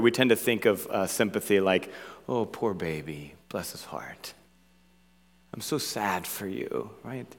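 A man preaching as pastor, earnest and emphatic, repeating key phrases and checking in with his listeners. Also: mid-range voice. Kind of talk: sermon. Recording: long hall reverb.

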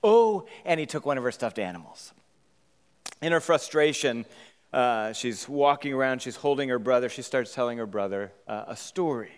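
A man's voice: medium pitch, clean tone, in a large hall. A man preaching a sermon, telling a story casually and adding "right?" to his points. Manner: conversational, animated storytelling with rhetorical "right?". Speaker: pastor. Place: church sanctuary.

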